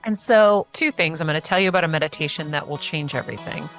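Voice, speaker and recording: A woman guest in a casual interview chat, talking eagerly in animated bursts with quick restarts. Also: low voice, over music.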